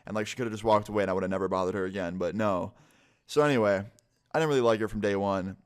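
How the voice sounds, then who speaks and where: Young male vlogger, slightly low voice, casual profane storyteller. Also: rapid-fire, clean tone.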